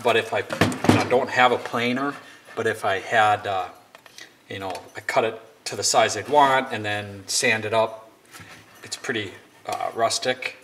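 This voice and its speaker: Guy with a lowish voice rambling about his diy woodworking, cracks jokes at himself, shop noise in the back. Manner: rambling, self-deprecating joking. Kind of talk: casual how-to narration. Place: home workshop. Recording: noisy workshop recording. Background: workshop noise, sanding and clicks.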